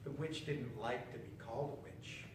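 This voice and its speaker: A man reading a children's story aloud, expressive and slowing down for effect. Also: medium pitch, slight background noise. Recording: roomy echo, distant mic, faint ambience.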